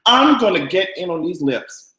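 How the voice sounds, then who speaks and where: A man's voice: high voice, big pitch swings, moderate pace. Brash, camp man in an echoey room. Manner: brash, profane and camp, with loud cackling laughs. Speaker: vlogger host. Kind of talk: live-stream gossip commentary.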